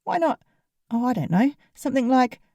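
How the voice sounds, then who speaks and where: A woman's voice: high voice, sing-song, moderate pace, mellow, no room sound. Woman reading a funny novel as the main character, wry and sarcastic, dry close sound. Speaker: audiobook narrator. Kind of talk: first-person comic novel narration.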